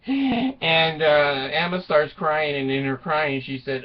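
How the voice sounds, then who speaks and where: A man's voice: on the high side, slow. Man, comic storyteller, laughs a lot, fillers, muffled lo-fi sound. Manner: laughs often, rambling with many fillers. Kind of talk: comic storytelling with voiced quotes. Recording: dull lo-fi recording.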